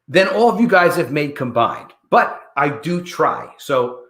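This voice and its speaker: A man's voice: on the high side, animated, unhurried, a bit bright, roomy sound. A man hosting a casual livestream, greeting viewers in the chat by name and rambling from topic to topic. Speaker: livestream host.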